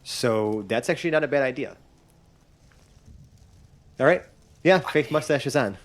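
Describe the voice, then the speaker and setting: A man's voice: mid-range voice, lively intonation, a little slow. A man running a tabletop game, describing scenes in a rambling way. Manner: rambling, many ums and likes. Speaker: game master. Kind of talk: casual tabletop narration.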